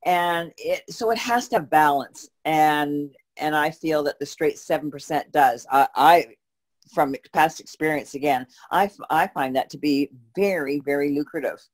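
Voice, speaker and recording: Answering questions at a measured pace, a medium-pitched co-host keeps the conversation casual. The explanations come steadily, broken up by frequent false starts and fillers.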